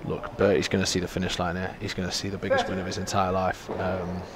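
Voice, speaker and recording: A man's voice: sits low, completely flat delivery, fast talker. Chatty male tennis commentator, noisy venue. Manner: chatty, joking, reacting to play. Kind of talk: live sports commentary. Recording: loud background noise at a live venue.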